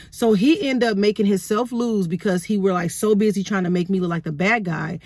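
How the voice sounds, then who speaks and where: A woman's voice: mid-range voice, brisk, hardly any pauses, no echo. Earnest woman vlogger in her thirties, candid story told straight to camera, dry close sound. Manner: earnest, rhetorical questions, frequent "right?". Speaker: vlogger sharing parenting experience.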